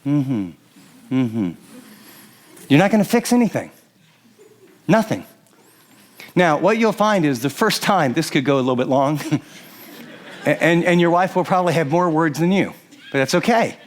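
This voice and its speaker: Older guy preacher, kinda high voice, super animated, acting out couples mid-sermon. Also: unhurried, long pauses. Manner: animated, acts out quoted spouses, frequent restarts. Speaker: pastor. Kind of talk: sermon teaching to a live audience.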